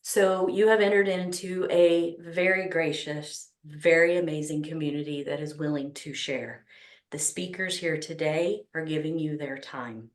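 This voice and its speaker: A woman's voice: deep voice, fairly even intonation, unhurried, roomy sound. A woman with a Texas accent hosting an online business summit, talking enthusiastically with many ums and restarts. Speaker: summit host. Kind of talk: opening remarks at an online summit.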